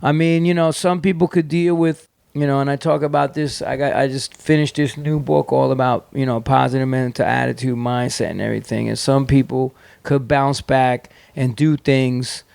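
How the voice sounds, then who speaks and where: A man's voice: medium pitch, steady tone, normal speed, creaky, a little mellow, clean tone, no room sound. A middle-aged man with a New York accent, a podcast guest telling hard stories in a rambling, profane way full of fillers and restarts. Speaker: podcast guest, punk band singer. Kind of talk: candid storytelling in conversation.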